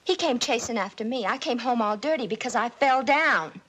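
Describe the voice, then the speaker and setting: A woman's voice: fairly high pitch, lively intonation, moderate pace, a bit bright, poor audio. A young actress playing a shy, frightened teenage girl in a 1950s TV drama, timid and pleading.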